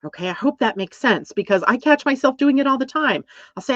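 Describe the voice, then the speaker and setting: A woman's voice: a little high, expressive, normal speed, fairly bright tone, no room sound. Woman explaining astrology in a dull, dry recording. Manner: reflective, often checks in with "right?". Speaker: astrology teacher. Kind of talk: casual explanatory talk.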